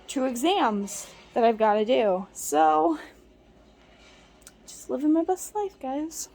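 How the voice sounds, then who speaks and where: A young woman casually narrating a home vlog, chatty and playful as she puts groceries away. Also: a little mellow. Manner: chatty, playful, talks to her cat in a squeaky baby voice. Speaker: vlogger. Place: home kitchen.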